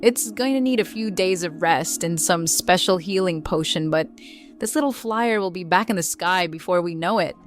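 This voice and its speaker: A woman voicing a calm, gentle mother who tends hurt creatures, speaking softly and patiently in a bedtime story reading. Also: on the low side, normal speed, faint music behind, lightly acted. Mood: reassuring. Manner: soft, reassuring, patient.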